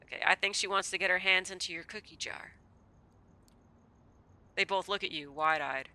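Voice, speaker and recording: A woman's voice: on the low side, moderate pace, rough recording. A woman streamer reading a story game aloud and joking between passages. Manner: animated, joking commentary between read narration. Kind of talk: reading narration and chatting.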